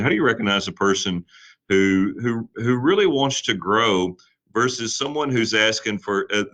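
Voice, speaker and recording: Interview host, very low but forceful voice, conversational and thoughtful. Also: male voice. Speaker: podcast host. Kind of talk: interview questions.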